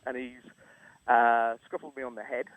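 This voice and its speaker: Steady in tone and moderate in pace, a medium-pitched, middle-aged chef from England tells a story as a radio guest, performing quotes and laughing frequently in a casual interview. Despite the studio microphone in a radio studio, the audio is dry and sounds phone-quality.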